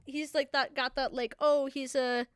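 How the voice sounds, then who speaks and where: A woman's voice: high voice, flat delivery, normal speed, no room sound, studio quality. A young woman hosting a solo talk show into a desk microphone, chatting casually and animatedly, rambling and laughing often. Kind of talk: casual chat.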